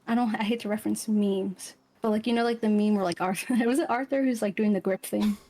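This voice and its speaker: A woman with a mid-range, mellow voice talks fast with fairly even intonation. She's a player voicing her character in a casual tabletop role-play, rambling with plenty of fillers and laughing easily.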